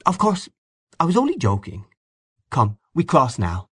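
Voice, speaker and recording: A man's voice: medium pitch, wildly swooping pitch, normal speed, slightly rough, pitched above the performer's own voice, full character voice. A man voicing a frank, talkative young woman who questions bluntly and insistently in a storybook reading. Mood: friendly.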